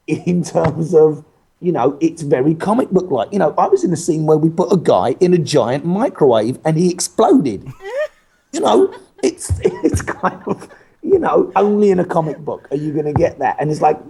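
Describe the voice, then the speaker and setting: A man's voice: on the high side, gravelly, dark tone, slightly rough. A man, an actor talking as a guest in a casual interview, who laughs often and keeps restarting his sentences in a playful way.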